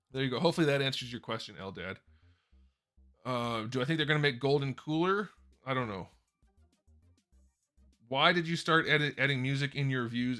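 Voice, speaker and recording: A man reads out viewer questions and answers them off the cuff on a live stream, often stopping mid-word to rephrase. His voice is bright and forward. Quiet music plays faintly behind him as he talks into a desk mic. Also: medium pitch. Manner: chatty, rambling, self-correcting. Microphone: desk microphone. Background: faint background music.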